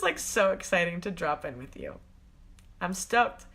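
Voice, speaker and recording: A woman's voice: lowish voice, very animated, a little slow, a bit bright. A woman hosting a live stream as a spiritual coach, gushing and affectionate, laughing often and rambling loosely with lots of fillers. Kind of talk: live-stream talk to viewers.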